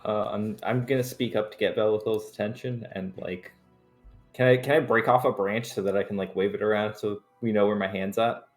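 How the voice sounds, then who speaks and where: A man's voice: on the low side, steady tone, a little fast, faint music behind. A man playing a tabletop game, talking hesitantly in character with lots of stammering. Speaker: player.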